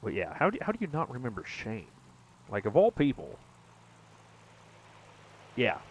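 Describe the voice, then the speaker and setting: A man's voice: mid-range voice, wildly swooping pitch, normal speed, slight background noise, low-quality recording. A young man giving casual gameplay commentary, chatting with viewers in a rambling, self-correcting way with mild exclamations. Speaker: gaming streamer.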